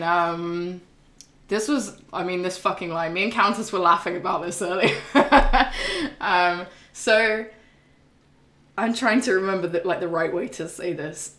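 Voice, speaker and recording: A woman with a medium-pitched, slightly bright voice speaks a little slowly. She's a streamer rambling through a casual game recap for her live chat, cursing freely and filling it with ums and laughter. The recording has a roomy echo.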